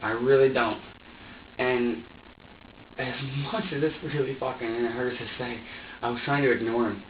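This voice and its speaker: A man's voice: mid-range voice, fairly even intonation, normal speed, slight background noise. Agitated young man, heard from across a room. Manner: agitated, profane, stammering restarts. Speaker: suspect being questioned by police. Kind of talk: emotional confession in an interrogation. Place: police interrogation room. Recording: distant, roomy, dull room recording.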